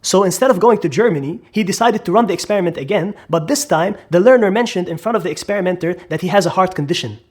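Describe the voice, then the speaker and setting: A man's voice: high-pitched, quick pace, few pauses. A man narrating a psychology lesson in a dramatic way, asking the listener questions. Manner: dramatic, asks the listener questions, acts out quotes. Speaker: psychology lecturer. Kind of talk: explainer video narration.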